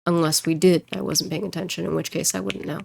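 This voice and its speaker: A woman streamer and voice actor chatting casually while she plays, rambling and joking and quick to laugh. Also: fairly low pitch, steady tone, creaky, a little hiss or hum. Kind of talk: casual livestream chat while gaming.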